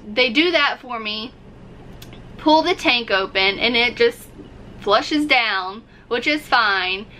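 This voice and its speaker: A woman's voice: on the high side, pushed and bright, a little hiss or hum, rough recording. A woman vlogger casually telling a story to camera, acting out her own reactions as she goes. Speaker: RV-living vlogger.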